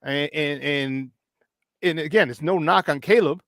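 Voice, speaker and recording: Male sports radio co-host, high voice, dry studio, lively storyteller. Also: dry recording. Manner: animated storyteller, asks rapid questions. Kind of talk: casual sports talk.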